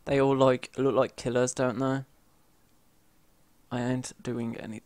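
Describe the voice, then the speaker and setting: Excitable British gamer, slow and dry. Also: male voice, mid-range voice, clean tone, no room sound. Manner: excitable, yelps and grumbles at the game. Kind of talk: let's play commentary.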